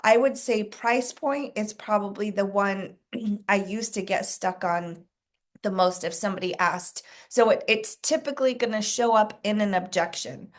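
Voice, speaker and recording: A woman leading a casual sales coaching call, talking to a group, asking them questions and clearing her throat often. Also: medium pitch, unhurried.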